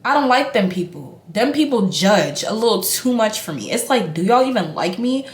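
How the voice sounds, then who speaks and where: A woman's voice: mid-range voice, moderate pace. A young woman in a get-ready-with-me vlog, chatting casually while she does her makeup. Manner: chatty and animated, talking while doing makeup. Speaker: beauty vlogger. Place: indoor room, hotel. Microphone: camera mic. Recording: echoey room.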